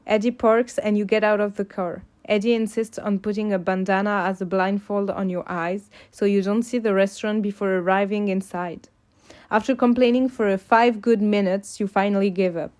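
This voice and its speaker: A woman narrating a second-person audio fanfic in a calm, even storytelling manner. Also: medium pitch. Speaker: fanfic reader.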